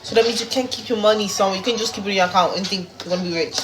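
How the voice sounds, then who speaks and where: A woman with a medium-pitched, rapid-fire voice chats casually on a livestream while cooking, speaking bluntly and profanely straight to her viewers on a phone. The room is echoey with loud music behind her, plus a little hiss or hum.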